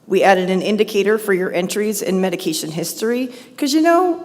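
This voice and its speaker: A woman presenting software updates at a conference, talking fast and upbeat, her voice a little hoarse. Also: mid-range voice, animated. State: voice going hoarse. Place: large conference hall. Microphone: handheld or podium mic. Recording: reverberant conference hall.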